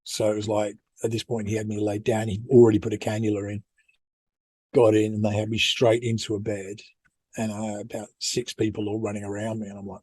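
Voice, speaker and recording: A middle-aged British man telling a personal story on a podcast. His voice is mellow and a little husky, recorded close and dry. He rambles, restarts and pokes fun at himself. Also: lowish voice, flat delivery, a little fast, no echo. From United Kingdom. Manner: rambling, self-deprecating, many restarts. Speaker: podcast co-host. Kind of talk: casual storytelling.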